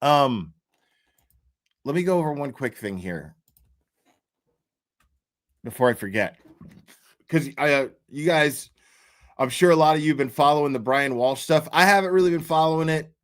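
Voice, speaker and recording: A man's voice: a little high, moderate pace, pauses often. A man hosting a casual livestream, rambling loosely with lots of fillers and easy laughs. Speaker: livestream host.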